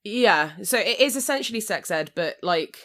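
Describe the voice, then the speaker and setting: A woman, co-hosting a casual podcast chat and telling a story with lively, laughing delivery. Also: mid-range voice, normal speed. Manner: animated storyteller, laughing often. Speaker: occasional co-host.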